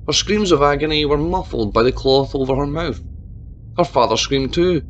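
A man narrating a story in a measured, expressive reading style. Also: a little high, highs cut off, slight background noise. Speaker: audiobook narrator. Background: faint guitar music.

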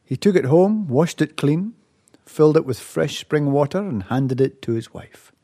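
A man telling a folk tale aloud, measured and expressive, dropping softly and rising with excitement. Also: a little high. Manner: measured, with lively rises and soft hushed drops. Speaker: storyteller. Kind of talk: oral folk-tale storytelling.

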